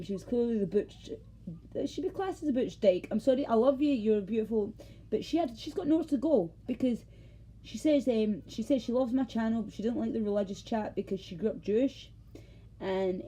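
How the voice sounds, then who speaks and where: A Scottish vlogger vents to camera in a rambling, heated rant, cursing and dropping thoughts halfway. Her voice has a medium pitch and a dark tone.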